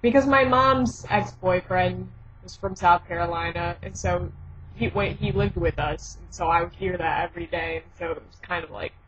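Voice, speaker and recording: A woman's voice: fairly low pitch, fairly bright tone, breathy edge. A young woman from Michigan with a mixed Midwestern and South Jersey accent, chatting casually in a vlog, rambling with fillers and self-corrections, then reading a word list. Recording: dull lo-fi home video audio.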